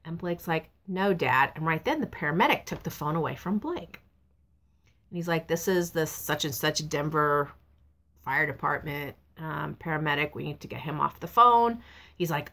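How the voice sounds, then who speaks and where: A middle-aged woman talks casually to her camera, her voice sitting low. She tells a family story in a chatty, rambling way, acting out what others said. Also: a little slow, a bit bright. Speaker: vlogger. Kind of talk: casual personal vlog. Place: truck stop, outdoors.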